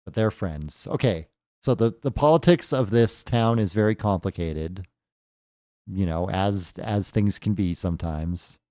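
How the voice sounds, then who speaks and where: Chatty low-voiced man playing a game. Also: measured pace, mellow, dry recording, clean studio sound. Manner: thinks aloud, chatty, jokey asides. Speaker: gamer playing a game for the first time. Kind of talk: casual let's-play commentary.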